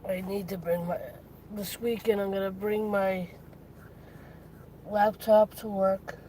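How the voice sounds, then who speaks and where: Female vlogger, tired and foggy, slow unhurried delivery, faint hiss behind. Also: mid-range voice, level tone, mellow, low-quality recording. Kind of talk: casual weekly update vlog.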